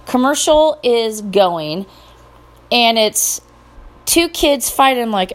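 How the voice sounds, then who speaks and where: A middle-aged woman hosting her own podcast, talking casually in an animated, indignant and sarcastic way. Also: on the high side, slow pace, long pauses. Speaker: podcast host. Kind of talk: casual solo podcast rant.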